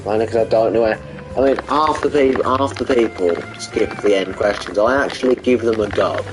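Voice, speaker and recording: A man's voice: on the low side, poor audio. A man ranting casually and rambling, with lots of swearing and exasperation. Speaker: vlogger. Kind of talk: casual rant.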